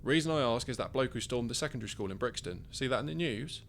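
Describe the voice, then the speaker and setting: A man's voice: mid-range voice, expressive, quick pace, creaky, a little hiss or hum. A man voicing a seasoned team leader with a faded Welsh accent and a dry, commanding manner. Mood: briefing.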